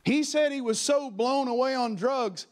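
A man's voice: very high-pitched, normal speed. A man preaching a sermon in a church, telling personal stories with fervor and calling out to the congregation. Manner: fervent, personal storytelling with calls to the congregation.

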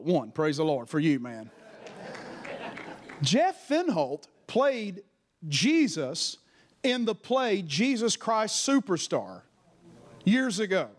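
In a church, a male preacher with a strikingly high voice gives a sermon blending scripture and personal stories. His conviction is fervent, and he repeatedly turns to the congregation calling directly for their response.

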